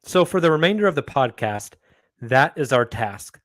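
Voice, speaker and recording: A man's voice: mid-range voice, animated, moderate pace, a bit bright, no room sound, studio quality. A man hosting a casual sports podcast, upbeat as he steers the panel through topics. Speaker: podcast host.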